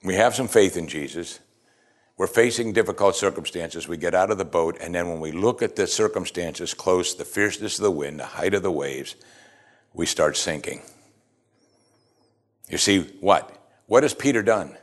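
A man preaching a sermon in a conversational way, asking rhetorical questions and rising into animated bursts of emphasis. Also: low voice, moderate pace.

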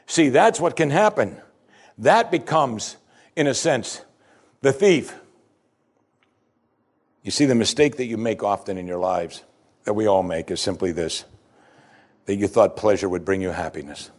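A male pastor delivering a sermon with a husky edge to his voice. His pitch rises and falls in wide, lively sweeps. He preaches emphatically, moving between loud lines and hushed ones. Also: a little slow, pauses often.

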